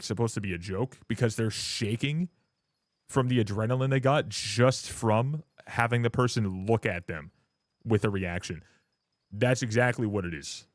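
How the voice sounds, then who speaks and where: A young man talks straight into a close mic on a live stream, ranting at his chat in a blunt, profane way. His pitch sits in the middle range, and the sound is dry with almost no room echo. Now and then he slips into mocking voices of other people. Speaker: livestreamer.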